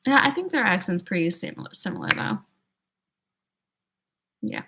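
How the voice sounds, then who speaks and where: A young woman hosts a casual livestream, answering viewers' questions while laughing a lot and thinking aloud with many "like"s. Her mid-range voice swoops wildly in pitch, she's unhurried, and the background is noisy.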